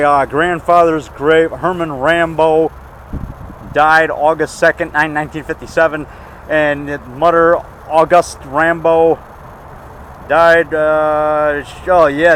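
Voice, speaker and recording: A man's voice: on the high side, a bit bright, slight background noise, low-quality recording. A man in his fifties from the Chicago area, giving a rambling, digressive monologue in a cemetery, full of fillers and restarts, recorded on a handheld camera mic. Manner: digressive, talks in fragments with fillers and self-corrections. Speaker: vlogger. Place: outdoor cemetery.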